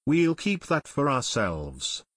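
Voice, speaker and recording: A man's voice: medium pitch, wildly swooping pitch, takes it slowly, fairly bright tone, dry recording, clean studio sound, exaggerated voice. A man voicing a scheming adult male gang leader in an audiobook.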